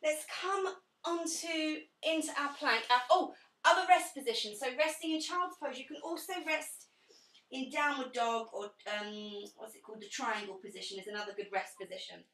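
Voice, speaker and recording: A woman's voice: high voice, moderate pace, fairly bright tone, recorded from a distance. A young woman teaching a pilates class, counting breaths and giving friendly corrections to participants. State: out of breath at times. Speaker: pilates instructor. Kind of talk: live online fitness class instruction. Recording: echoey room, away from the mic.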